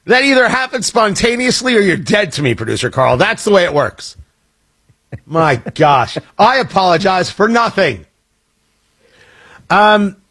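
A wry man hosting a morning radio show, talking in a fairly high, lively voice that swings up and down. His tone is a little husky, and he keeps breaking into jokes and cutting himself off mid-thought. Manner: wry, joking, self-interrupting. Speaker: radio talk show host. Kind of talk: casual morning radio chat. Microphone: studio microphone.

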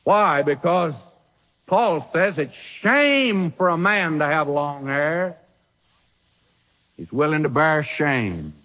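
A man's voice: a little high, muffled recording. A man preaching a sermon, emphatic and full of rhetorical questions.

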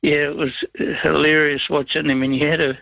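A man's voice: fairly high pitch, flat delivery, brisk, gravelly, dry recording, highs cut off. A man with a New Zealand accent calling into a talkback radio show, telling rambling yarns full of folksy slang. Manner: rambling storyteller, folksy slang, chuckles often. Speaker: caller. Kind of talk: casual talkback radio chat.

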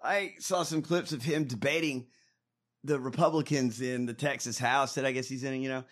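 A man's voice: medium pitch, steady tone, normal speed. A man co-hosting a casual political chat show, sarcastic and profane, laughing often. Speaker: podcast co-host.

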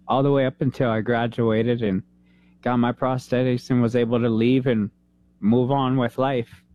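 A man in his thirties, a veteran, telling an emotional personal story in an interview, earnest and halting, holding back tears. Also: medium pitch, darkish tone. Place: San Antonio, Texas.

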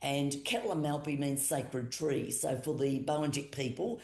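A woman with an Australian accent telling a traditional creation story as a storyteller, unhurried and repetitive, with fillers. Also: sits low, a little mellow. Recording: roomy echo.

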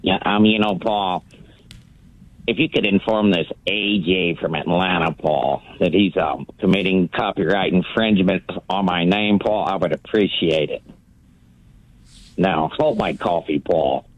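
A man calling in to a sports radio show, ranting loudly and repeating the host's name over and over. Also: low-pitched, unhurried. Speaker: caller. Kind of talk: call-in rant. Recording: muffled dry phone line.

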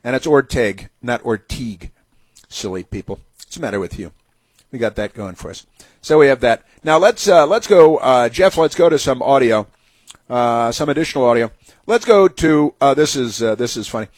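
A man's voice: medium pitch, expressive, moderate pace, dry recording. A man hosting a talk show, giving an indignant, sarcastic monologue full of fillers and restarts. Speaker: radio talk host. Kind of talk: opinionated talk radio monologue.

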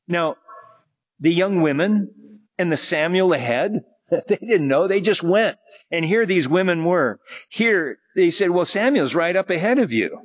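A man teaching verse by verse from the Bible, reading passages and then explaining them in a conversational way. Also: fairly high pitch. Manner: conversational, with fillers and small laughs. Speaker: pastor.

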